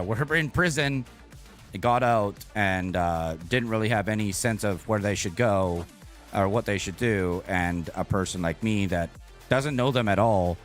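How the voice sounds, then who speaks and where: A man streaming a game and chatting casually to his viewers, rambling and earnest, with frequent swearing. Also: low voice. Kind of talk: casual live-stream chat.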